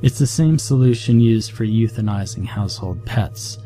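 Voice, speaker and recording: A detached male scientist who speaks calmly and formally, with no emotion at all, as a low-voiced narrator plays him. Music hums underneath the scary story reading. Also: moderate pace, natural voice. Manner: calm, unemotional, formal. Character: cold, calm male scientist over a speaker.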